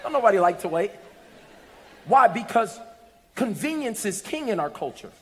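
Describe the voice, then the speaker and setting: A man delivers a sermon, moving from a storytelling tone to loud, shouted exhortation. His voice sits high for a man. The sound rings with the long reverb of a big church hall. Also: sing-song, moderate pace, a little hiss or hum. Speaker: preacher. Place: church sanctuary.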